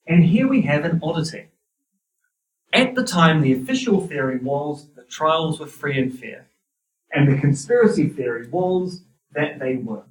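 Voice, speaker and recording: A man's voice: a little high, expressive, moderate pace. A man with a New Zealand accent giving a university lecture, with a wry, dry sense of humor. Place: lecture hall. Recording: roomy hall, distant mic.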